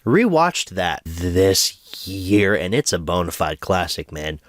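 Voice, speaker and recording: A man's voice: low-pitched, big pitch swings, slow pace, dry recording, studio quality. A young man in his twenties hosting a casual movie review, a bit congested and under the weather, often stumbling and restarting words. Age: 20s.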